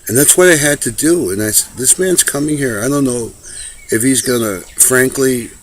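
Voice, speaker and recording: A man's voice: medium pitch, normal speed, slight background noise. A man speaking an earnest personal message to a friend, impassioned and preachy, often repeating himself.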